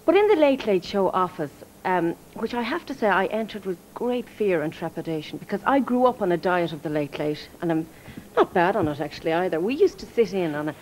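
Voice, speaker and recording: A woman's voice: lowish voice, lively intonation, fairly quick, hardly any pauses, darkish tone, slight background noise, rough recording. An Irish woman, a former researcher, telling humorous stories as a guest on a live television chat show. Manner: chatty, humorous storytelling.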